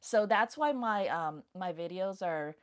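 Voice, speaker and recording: A woman's voice: fairly low pitch, animated, unhurried. Giggly, nervous woman livestreaming. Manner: giggly and nervous, whispers to herself. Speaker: livestream host. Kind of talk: casual livestream chat. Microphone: phone mic.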